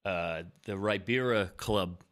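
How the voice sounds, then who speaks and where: A man's voice: low-pitched, slow, a bit bright. A man hosting an interview, enthusiastic and praising the guest's stories. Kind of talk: casual interview chat.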